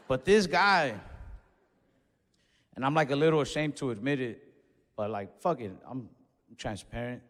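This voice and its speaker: A young man telling a stand-up story in a laid-back, swearing way, acting out his own yells. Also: medium pitch, measured pace, long pauses. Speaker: stand-up comedian. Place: comedy club stage. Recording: live stage recording in a reverberant hall.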